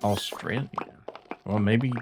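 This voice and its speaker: A man's voice: on the low side, takes it slowly, vocal fry. A man streaming a game, chatting casually with laid-back, mumbled asides. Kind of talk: casual chat while gaming. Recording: hissy stream audio with clicks.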